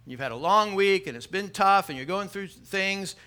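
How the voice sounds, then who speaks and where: A man's voice: high-pitched, lively intonation, moderate pace, pushed and bright, clear, resonant tone. A man preaching a sermon as pastor, talking in a casual, conversational way, telling a joke story and often repeating words as he starts sentences.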